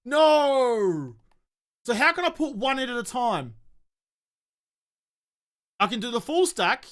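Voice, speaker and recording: A man's voice: very high-pitched, sing-song, unhurried, bright, forceful tone. A young man chatting casually while streaming a game, swearing freely and answering viewer questions. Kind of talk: casual live-stream chat while gaming.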